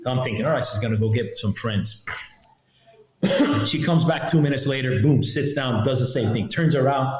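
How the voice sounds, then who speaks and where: A middle-aged man who once worked as a federal agent shares a career story as a podcast guest, acting out the other people with lively animation. He talks at normal speed in a middle pitch, and the sound is roomy and a little dull.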